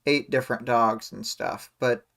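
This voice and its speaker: A man's voice: medium pitch, fairly even intonation, normal speed, vocal fry, a bit bright. A man co-hosting a livestream book discussion, talking in an easygoing way and often hedging his points. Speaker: podcast co-host.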